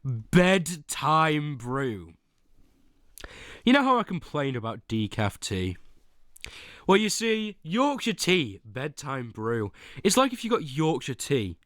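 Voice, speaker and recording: A man's voice: on the high side, a bit bright, no room sound, studio quality. A young man streaming casual chat, ranking teas with whiny pleading and sudden dramatic outbursts.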